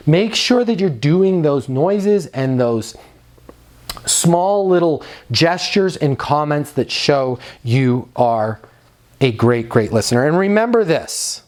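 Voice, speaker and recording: A man's voice: mid-range voice, a little mellow. A man giving a motivational training talk to leasing agents, direct and emphatic, drawing out key words for stress.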